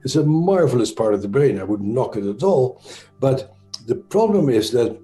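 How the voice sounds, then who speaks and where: A man with a Dutch accent, an interview guest explaining ideas in a thoughtful, halting way with frequent pauses and self-corrections. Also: mid-range voice, very animated, warm tone, echoey room. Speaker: interview guest, trauma expert. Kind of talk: conversational explanation.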